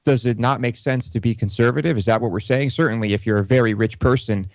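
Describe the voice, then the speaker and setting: A man's voice: medium pitch, fast, dry recording. A man co-hosting a political talk show, chatting casually and hesitantly, with many fillers. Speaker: co-host.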